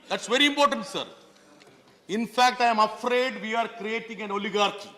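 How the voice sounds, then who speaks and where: A man's voice: sits high, fairly quick, bright, forceful tone. A man from Kerala, giving an emphatic floor speech as a member of parliament, full of pointed rhetorical questions. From Kerala, India. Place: large parliament chamber. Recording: reverberant legislative chamber.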